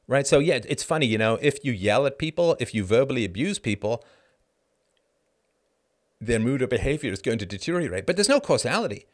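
A middle-aged man with a mid-range voice reads news text aloud, then interrupts himself with sarcastic asides. His delivery is emphatic and his pitch leaps upward when he gets worked up. This is live-stream commentary. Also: sing-song, fairly quick. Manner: sarcastic, emphatic, voice rises sharply when indignant. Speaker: podcast host.

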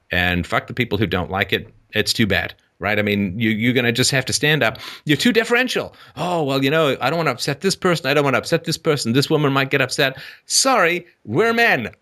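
Emphatic ranting man with lively, bright pitch. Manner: emphatic, sarcastic, ranting with laughs and mock voices. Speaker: host. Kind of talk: call-in show monologue.

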